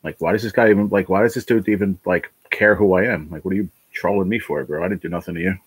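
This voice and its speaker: A man's voice: low-pitched, fast talker, breathy edge, no room sound, low-quality recording. A man hosting a casual livestream chat, worn down by illness, rambling and swearing as he vents his frustrations. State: ill, worn down. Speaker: livestream host.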